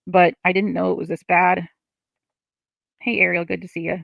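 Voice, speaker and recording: A woman's voice: on the low side, little pitch movement, normal speed, creaky, dry recording, dull audio. A woman on a livestream, reading chat comments and ranting in frustration, swearing often.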